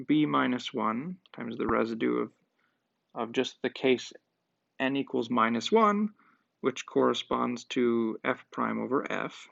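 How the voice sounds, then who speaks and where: A man's voice: mid-range voice, vocal fry, fairly bright tone, no room sound. A man teaching a math lecture, working through a proof step by step and thinking aloud with occasional fillers. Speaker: math professor. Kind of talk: lecture at a board. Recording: dull lo-fi dry sound.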